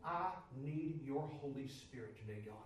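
A man preaching a sermon, moving from loud pleading prayer down to low, quiet speech. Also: animated, moderate pace, heavy reverb, recorded from a distance, a little hiss or hum, low-quality recording.

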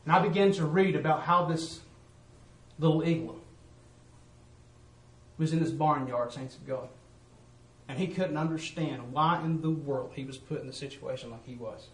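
A man preaching a testimony sermon and calling out to the congregation, switching between loud bursts and hushed asides. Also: on the high side, normal speed, pauses often, roomy sound, far from the mic, low-quality recording.

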